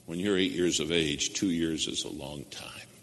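An older man preaching in a church, his low voice carrying a bright, forceful edge. He swings from loud emphasis down to hushed, almost whispered lines. The sound rings with a long hall reverb. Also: normal speed. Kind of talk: sermon with storytelling.

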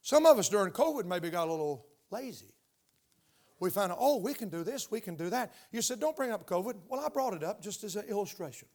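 An older male pastor preaching to his congregation in church. He speaks in a fairly high voice and keeps throwing questions out to the room, stressing his points. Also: big pitch swings, fairly quick, a little mellow. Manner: emphatic, call-and-response questions to the congregation. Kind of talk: sermon. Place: church sanctuary.

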